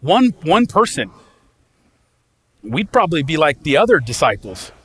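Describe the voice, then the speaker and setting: Slightly high-voiced man preaching. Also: sing-song, a little slow, a bit bright, breathy edge. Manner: conversational, often checks in with "right?". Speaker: pastor. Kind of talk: sermon.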